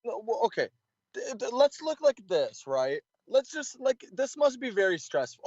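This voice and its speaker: Man, caller, halting, unsure, fairly high voice, muffled dry audio. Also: sing-song, dry recording. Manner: hesitant, halting, searches for words. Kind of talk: debate call.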